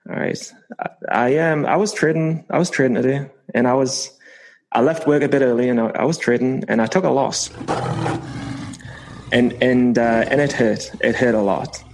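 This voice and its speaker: A man's voice: mid-range voice, steady tone, normal speed, a little mellow, poor audio. A man co-hosting a casual podcast chat, playful and given to mock-dramatic confessions. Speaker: podcast co-host.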